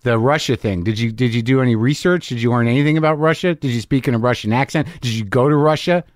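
A man hosting a casual comedic interview, teasing his guest with playful rapid questions. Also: medium pitch, no echo, clean studio sound. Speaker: talk show host.

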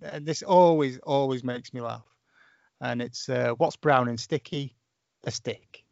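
Gravelly easygoing male podcast host. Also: medium pitch, measured pace, a little mellow, no echo. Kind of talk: casual interview. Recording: dull lo-fi, dry.

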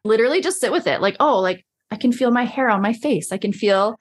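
A woman's voice: on the high side, expressive, quick pace. A woman in a casual podcast chat, talking as a coach, chatty and full of "like", acting out her own inner voice.

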